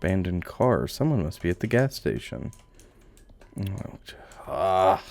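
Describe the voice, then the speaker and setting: A man giving animated let's play commentary, exclaiming and joking as he plays. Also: low voice, unhurried, gravelly. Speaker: game commentator.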